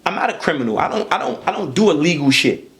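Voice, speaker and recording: As a podcast guest, a high-voiced man tells a heated story at a quick pace. He's animated and profane, stacking repeated words when he gets worked up.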